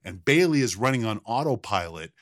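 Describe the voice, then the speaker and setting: A man co-hosting a casual podcast, telling a wrestling story in an animated, profane way. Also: lowish voice, fairly quick, dry recording, studio quality. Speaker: podcast co-host.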